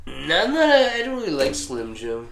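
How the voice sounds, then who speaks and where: A man's voice: a little high, wildly swooping pitch, normal speed, gravelly, fairly bright tone, faint music behind. A man in casual chat, making blunt, profane, muttered remarks as the vlog host. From Canada. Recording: echoey room.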